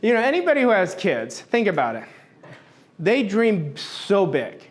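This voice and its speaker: A man's voice: sits high, huge pitch swings, moderate pace. A middle-aged man giving a motivational talk to an audience, emphatic and blunt, repeating his points and swearing now and then. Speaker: motivational speaker.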